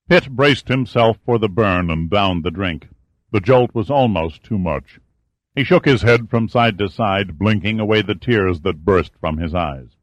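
A man reads a novel aloud in a steady narration. His voice is low and deep. The recording is close and dry, with no room around it. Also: a little slow, no room sound, muffled recording. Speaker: audiobook narrator. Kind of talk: scripted narration.

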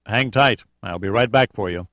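A man voicing a calm, wry rescuer. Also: lowish voice, moderate pace, dry recording, highs cut off, close to an everyday voice. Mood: teasing. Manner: soothing, joking, easygoing.

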